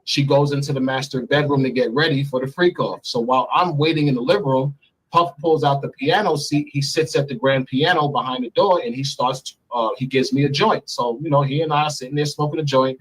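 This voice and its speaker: A man's voice: medium pitch, brisk, a bit bright, slightly rough, low-quality recording. A man as an interview guest, bluntly and profanely telling a personal story. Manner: blunt and profane, speaks freely.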